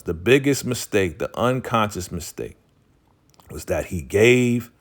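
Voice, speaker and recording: A man with a fairly low voice retells a TV drama episode in a loose, chatty way. He is slangy and animated, acting out what the characters say. His speech is full of "you know" and "like". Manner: animated, slangy storytelling, acts out quoted lines; frequent "you know" and "like" fillers. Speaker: TV episode recap host. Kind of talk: casual TV recap commentary.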